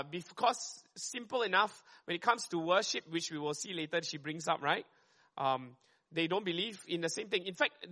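A man preaching a sermon, talking fast and conversationally and often checking in with "right?". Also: fairly high pitch, sharp tone.

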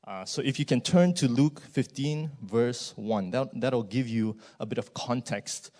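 A man's voice: medium pitch, a little slow, warm tone. Casual male preacher. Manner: conversational, often adds "right?" and fillers. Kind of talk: sermon. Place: church.

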